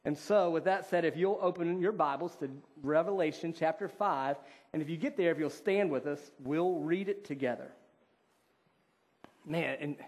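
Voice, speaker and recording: A man preaching a sermon in an earnest, conversational way, with fillers, reading scripture slowly and deliberately. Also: a little high. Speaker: pastor.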